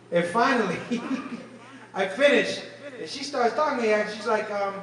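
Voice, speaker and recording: A man doing stand-up comedy at a fundraising dinner, telling animated stories and talking straight to the crowd. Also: high-pitched, fairly quick. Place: banquet hall at a fundraising dinner. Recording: echoey hall, distant mic, crowd. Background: audience laughing and murmuring.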